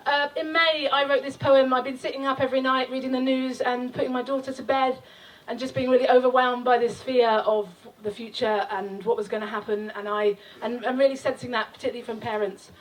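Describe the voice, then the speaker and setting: A woman's voice: high-pitched, level tone, fairly quick, few pauses, recorded from a distance, poor audio. A middle-aged woman performing her poetry live, with a rhythmic, impassioned delivery and chanted refrains. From England. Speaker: performance poet. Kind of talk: live spoken-word poetry. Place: outdoor festival stage.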